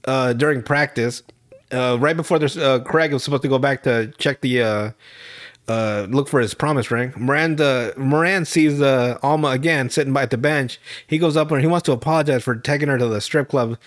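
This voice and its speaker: A man's voice: mid-range voice, normal speed. A young man hosting a podcast, recapping a TV episode in casual chat, rambling and profane, with frequent laughs and restarts. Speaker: podcast host.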